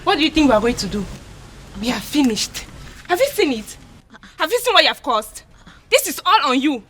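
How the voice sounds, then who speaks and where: A woman's voice: high voice, sing-song, a bit bright, slight background noise. An actress with a Nigerian English accent playing an anxious young village maiden who blames her friend. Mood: accusing. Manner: fast accusing. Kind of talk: film acting.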